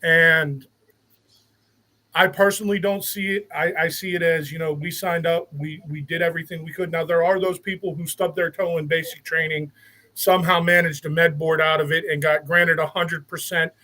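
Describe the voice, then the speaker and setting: A man's voice: on the high side, flat delivery, moderate pace, sharp tone, low-quality recording. A man speaking as a guest in casual talk, earnest and opinionated, often repeating words as he starts a thought. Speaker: guest, veteran.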